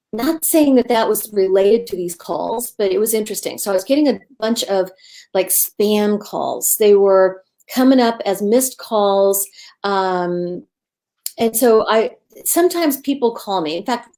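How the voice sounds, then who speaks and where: A woman talking as a guest on an interview show, spinning a story in a chatty, meandering way. Her pitch sits in an ordinary middle range, and she keeps stopping and restarting with small fillers as she goes. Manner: rambling, animated retelling with fillers. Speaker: guest medium.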